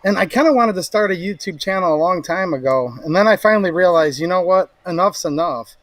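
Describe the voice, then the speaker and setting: Earnest guy guesting on a podcast, slightly higher voice, plain talk, dry sound. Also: lively intonation, fairly quick, fairly bright tone, no room sound. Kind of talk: casual interview talk.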